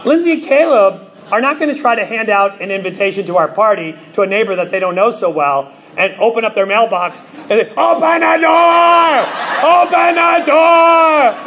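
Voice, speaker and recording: High-voiced man preaching, animated. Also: brisk, some chatter behind, slight background noise. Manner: animated storytelling with sudden loud bursts; conversational, many fillers like "you know". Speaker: pastor. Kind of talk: sermon.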